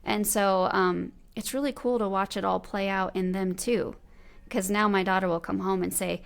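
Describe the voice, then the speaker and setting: A woman's voice: mid-range voice, normal speed, vocal fry. A woman in her thirties hosting a podcast, chatting casually and animatedly acting out what she and her kids say. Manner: animated, quotes her kids and herself aloud. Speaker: podcast host. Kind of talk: casual conversational interview.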